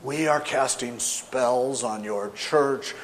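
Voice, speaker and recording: A man voicing a prank caller who fakes a slow, ominous, devilish phone voice. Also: medium pitch, slight background noise, close to an everyday voice.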